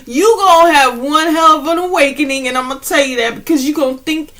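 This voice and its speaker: Woman spiritual vlogger, high bright voice, animated, slangy, preachy and laughing. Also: fast. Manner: preachy, addresses viewers directly. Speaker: spiritual channel host. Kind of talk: casual spiritual pep talk.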